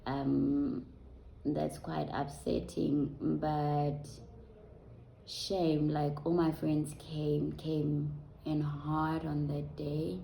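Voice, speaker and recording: A woman, telling a personal story to her viewers in a conversational, unhurried way with soft ums. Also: low-pitched, flat delivery, creaky, slight background noise. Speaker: vlogger. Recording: roomy echo.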